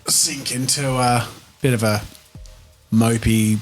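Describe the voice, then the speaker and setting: A man's voice: mid-range voice, fairly even intonation, slow, soft background music. A man playing a tabletop game, describing his character's actions in an easygoing, hesitant way. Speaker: player. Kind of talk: casual tabletop play.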